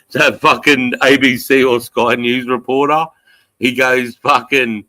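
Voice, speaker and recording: A man's voice: mid-range voice, little pitch movement, unhurried, sharp tone, dry recording. Blunt, swearing Australian man. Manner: blunt, profane, rambling. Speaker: livestream host reading chat. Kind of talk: casual live chat.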